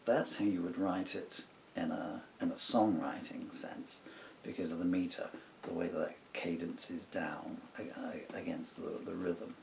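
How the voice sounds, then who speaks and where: A man's voice: deep voice, steady tone, unhurried, creaky, few pauses, a little mellow, distant mic, slight background noise. A middle-aged man, a songwriter, talking to himself in a casual, rambling and digressive way while working at a table at home. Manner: musing, digressive, talks to himself.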